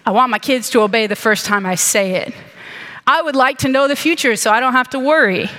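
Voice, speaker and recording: A middle-aged woman delivers a sermon, chatty and quick with self-mocking jokes. Her voice sits a little high. The sound rings with long reverb, as in a large hall. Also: sharp tone. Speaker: preacher. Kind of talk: sermon with humorous stories.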